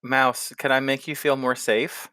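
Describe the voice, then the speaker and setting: A woman playing her character in a tabletop game, speaking earnestly and deliberately. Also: rumbling low, little pitch movement, bright, forceful tone, no echo, clean studio sound. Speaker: player.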